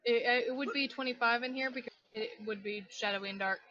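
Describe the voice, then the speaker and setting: A woman acting as game master in a tabletop role-playing game, narrating scenes and calling for dice checks in a loose, relaxed way with frequent fillers. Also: a little high, a little fast, lo-fi sound, a crowd in the background. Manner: relaxed, with many fillers and restarts.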